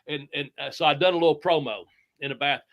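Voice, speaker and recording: A middle-aged man, a retired wrestler telling profane, animated stories with sound effects. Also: on the high side, quick pace. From United States. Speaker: retired pro wrestler, guest. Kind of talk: casual storytelling interview.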